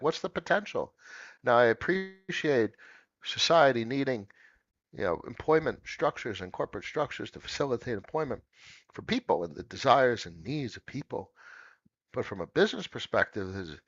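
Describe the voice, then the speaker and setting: A man's voice: medium pitch, fairly bright tone, no room sound, lo-fi sound. A man hosting a casual livestream, talking emphatically, repeating phrases for emphasis and greeting chat viewers. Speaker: livestream host.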